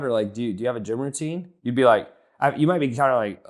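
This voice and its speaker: A man's voice: medium pitch, very fast, hardly any pauses. A young man giving blunt, casual coaching on sales, swearing easily and acting out text messages in a lifted voice. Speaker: business coach.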